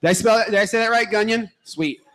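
A man's voice: high voice, rapid-fire, bright, forceful tone. A man hosting a casual soccer talk show, introducing guests and cracking jokes. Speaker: podcast host. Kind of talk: casual chat.

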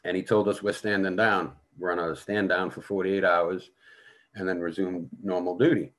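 A man's voice: low voice, flat delivery, normal speed, fairly bright tone. A middle-aged American man telling blunt, profanity-laden stories as a podcast guest. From United States. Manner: heavy swearing, blunt, vivid storytelling. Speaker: podcast guest, veteran actor. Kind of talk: casual storytelling conversation.

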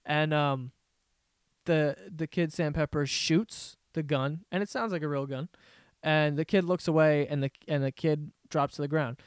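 A young man rants on his podcast in a crisp, smooth voice that sits a little high. He tells a story casually, swearing often, exasperated and joking. The sound is close and dry, with no room echo. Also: fairly even intonation, a little slow. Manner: profane, exasperated, jokey storytelling. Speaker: podcast host. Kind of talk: casual ranting monologue.

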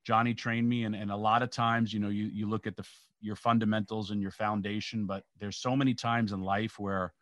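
A man's voice: on the low side, little pitch movement, fairly quick, a bit bright, dry recording. A middle-aged man from New York, a former pro wrestler, telling rambling stories in a casual interview and acting out the quotes. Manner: rambling anecdotal, acts out quotes.

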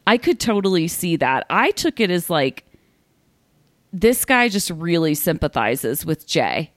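Woman cohost, chatty, lots of ums, slightly low voice, dry close sound. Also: sing-song, measured pace, no echo. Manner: chatty, recaps news with frequent fillers. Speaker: podcast co-host. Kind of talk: casual chat.

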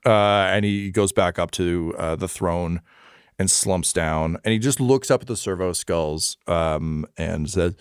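A man's voice: deep voice, measured pace, clean tone, no room sound, studio quality. Laid-back game master man narrating. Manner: relaxed narrator, laughs easily, many fillers. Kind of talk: casual narration of a tabletop game.

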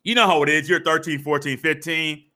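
A young man hosting a sports podcast, talking casually and acting out little scenes with animated swings in pitch and pace. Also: fairly quick. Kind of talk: casual monologue with storytelling.

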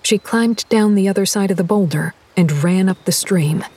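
A woman reading a horror audiobook in a measured, deliberate storytelling voice. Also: mid-range voice, dark tone, husky. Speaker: narrator. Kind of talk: scripted horror audiobook narration.

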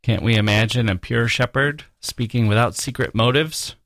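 A man hosting a podcast, giving reflective literary commentary in a musing way, with soft laughs and read-out quotes. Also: medium pitch, normal speed, dry recording. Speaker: podcast host.

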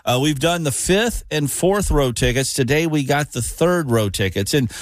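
A man's voice: a little high, expressive, no echo. Upbeat, self-mocking male radio host. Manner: jokey, self-mocking, quick patter. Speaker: radio morning show host. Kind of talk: casual radio banter. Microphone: studio microphone.

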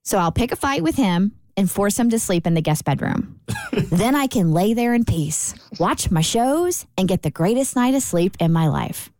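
A woman co-hosting a morning radio show, reading a listener's letter aloud in an expressive way. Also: medium pitch, moderate pace, no echo. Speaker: radio co-host.

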